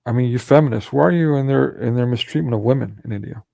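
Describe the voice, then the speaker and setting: A man's voice: mid-range voice, quick pace, creaky, dark tone, no room sound. A man delivering a ranting monologue commentary, sarcastic and scornful, breaking into mocking laughs.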